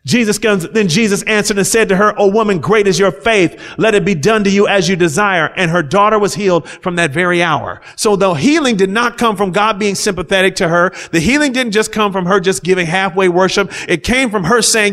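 A man's voice: high-pitched, moderate pace, hardly any pauses, a bit bright. A man preaching a sermon, reading scripture aloud and explaining it with rising fervor. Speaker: pastor.

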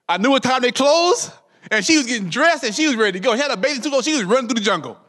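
A pastor preaching a sermon in a lively, conversational way. His fairly high voice leaps up and drops low again as he calls on the saints. He keeps asking the room for an answer. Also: rapid-fire. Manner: lively preaching, addresses congregation as saints, call-and-response questions.

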